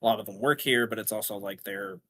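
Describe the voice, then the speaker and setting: A man's voice: on the low side, quick pace, a bit bright, a little hiss or hum. A man narrating a tabletop role-playing game as game master, rambling with many fillers and restarts.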